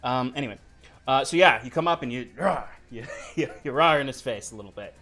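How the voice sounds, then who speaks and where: A man's voice: medium pitch, fast, soft background music. Laid-back man running a tabletop game. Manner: relaxed, laughs often while explaining rules. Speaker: game master.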